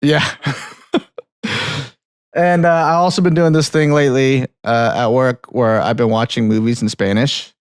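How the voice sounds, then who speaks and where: A man co-hosting a film podcast, chatting casually in a relaxed, rambling way with frequent laughs. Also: medium pitch, measured pace, long pauses, clean tone, no echo, clean studio sound. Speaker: podcast co-host. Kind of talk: casual chat.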